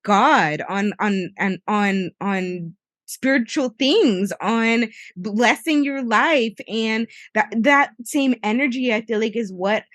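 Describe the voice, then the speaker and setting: A woman's voice: on the high side, takes it slowly, a bit bright, no echo, studio quality. A young woman co-hosting a podcast in casual chat, earnest and heartfelt, often restarting her sentences. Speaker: podcast co-host.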